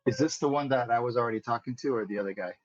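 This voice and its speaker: A man's voice: medium pitch, racing. A man playing a tabletop role-playing game, talking hesitantly and repeating himself. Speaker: player. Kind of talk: casual chat at a game table. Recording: dull lo-fi mic.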